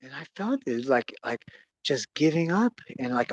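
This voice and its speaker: A young man telling a story in casual, profane chat, swinging between loud bursts and quiet mutters. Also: medium pitch, sing-song, normal speed. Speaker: podcast host.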